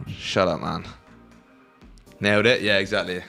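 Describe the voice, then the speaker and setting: A young British man chats casually with his livestream audience while trading, cracking jokes and swearing freely. His voice sits at an ordinary pitch for a man. Faint music plays underneath. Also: lively intonation, moderate pace, a bit bright. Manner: banters with chat, swears freely, laughs often. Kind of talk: casual livestream chat with viewers.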